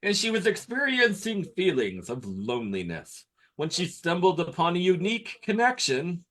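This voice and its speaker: A man's voice: high voice, wildly swooping pitch, normal speed, fairly bright tone. A man co-hosting a comedy podcast, telling a story playfully with dramatic emphasis. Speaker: podcast co-host. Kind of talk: casual comedy podcast banter.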